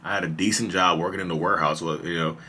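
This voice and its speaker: A man's voice: low voice, fairly even intonation, fast, sharp tone, slightly rough. A man in his thirties telling his own story on a podcast in a casual, confessional way, with lots of "you know" fillers. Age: 30s. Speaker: podcast host. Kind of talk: candid personal storytelling.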